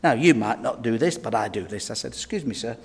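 A man's voice: medium pitch, lively intonation, fairly quick, vocal fry, husky. A man preaching a sermon, telling stories and speaking straight to his listeners. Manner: storytelling, direct address to the audience. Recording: long hall reverb.

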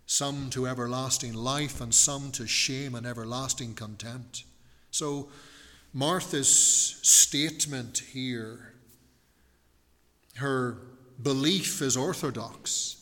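A man preaching an expository Bible study, slow and deliberate, with rhetorical questions and frequent restarts. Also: mid-range voice, a bit bright, in a large hall.

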